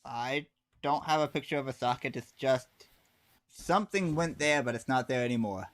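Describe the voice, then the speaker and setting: A man's voice: medium pitch, normal speed. Man narrating as game master.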